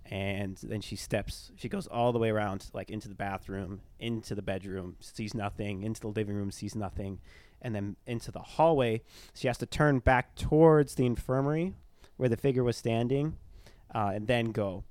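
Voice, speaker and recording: A man's voice: lowish voice, normal speed, a little mellow, no echo. A young man telling a ghost story in casual podcast chat, rambling, with lots of fillers. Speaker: storyteller, former tour guide.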